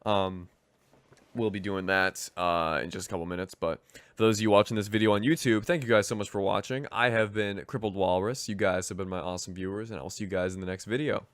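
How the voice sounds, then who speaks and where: A man's voice: on the low side, fairly even intonation, brisk, fairly bright tone, clean tone, no room sound. A young man chatting casually as a game streamer, rambling with lots of fillers. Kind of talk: casual gaming commentary.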